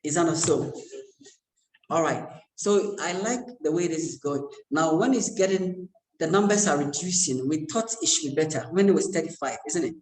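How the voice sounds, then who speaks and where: A man's voice: fairly high pitch, expressive, normal speed. A man giving a university lecture in a classroom, conversational and joking, checking in with his students again and again. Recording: echoey lecture room.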